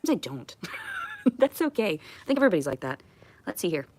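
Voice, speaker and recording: A woman's voice: mid-range voice, wildly swooping pitch, fairly quick, darkish tone, husky, no echo. A woman chatting on a casual livestream at home, rambling and self-deprecating. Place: at home on camera.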